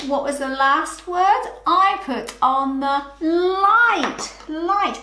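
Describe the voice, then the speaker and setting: Speaking extremely slowly yet with hardly any pauses, a British woman teaches children phonics letter by letter in a patient, encouraging way. Her voice is very high-pitched, pushed and bright, in a roomy-sounding space.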